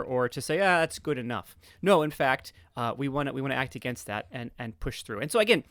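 A man's voice: a little high, a bit bright, no room sound, studio quality. A man with a Philadelphia accent, a podcast guest explaining earnestly, with many repeats and fillers. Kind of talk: explaining in casual conversation.

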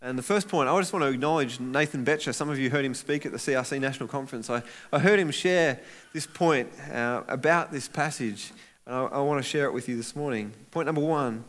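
A man preaching a sermon as pastor, animated and acting out voices of people in the story. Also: mid-range voice, fairly quick.

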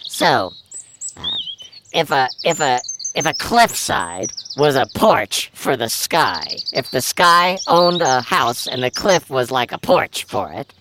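A man's voice: mid-range voice, sing-song, slow pace, background noise. A man playing a nervous, stammering young village boy in an improvised comedy scene. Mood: hesitant. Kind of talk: improvised comedy role-play.

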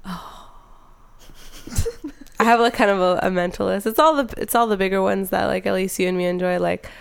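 A woman guest talks loosely on a podcast, backing up and correcting herself mid-sentence. Her voice is mid-pitched and easygoing. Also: moderate pace, creaky, clear, resonant tone. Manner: rambling, self-correcting. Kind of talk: casual chat.

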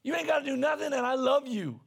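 A man preaching a sermon as pastor, earnest and conversational, repeating himself as he searches for words and rising near a shout when stirred. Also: very high voice, lively intonation, fast talker, gravelly.

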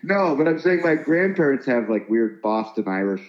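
A man's voice: medium pitch, very animated, moderate pace. A man from the Bay Area chatting casually, hesitant and full of fillers, often trailing off. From San Francisco Bay Area. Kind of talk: casual chat. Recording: roomy, dull lo-fi sound.

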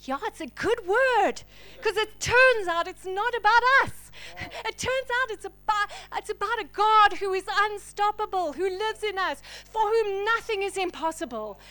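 A woman pastor delivering a sermon, swinging between loud, forceful declarations and hushed whispers. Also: very high voice, normal speed, few pauses.

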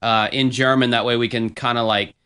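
A man's voice: medium pitch, flat delivery, a little fast, bright, forceful tone, smooth. A young man hosting a podcast, telling a crude story in a rambling way, with fillers and swearing. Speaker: podcast host. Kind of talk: casual storytelling.

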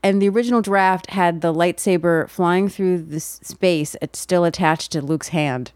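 A woman's voice: lowish voice, normal speed, no echo, studio quality. A woman co-hosting a podcast, chatting casually and restarting her sentences as she goes. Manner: chatty, trails off and restarts, animated when recounting. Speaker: podcast co-host. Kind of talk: casual chat.

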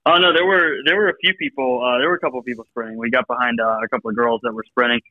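A man's voice: mid-range voice, steady tone, rapid-fire, no echo. A male guest calling into a sports radio show who tells laid-back stories and laughs often. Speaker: guest on the phone line. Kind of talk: casual sports radio chat. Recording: dull lo-fi phone line.

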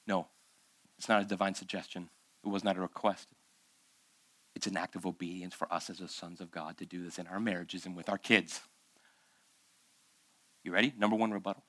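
A man preaching a sermon in a church, with a bright, forceful voice that is captured close and dry. He talks to the congregation like a conversation, keeps throwing rhetorical questions at them, and slips into other voices when he quotes someone. He has been sick for the past several months. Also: deep voice, fairly even intonation, brisk, pauses often, no echo. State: recovering from months of illness. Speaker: pastor.

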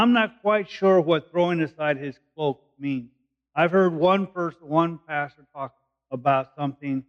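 Man teaching scripture, muffled recording. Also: a little high. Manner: conversational, explanatory, thinking aloud. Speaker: preacher. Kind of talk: verse-by-verse Bible teaching.

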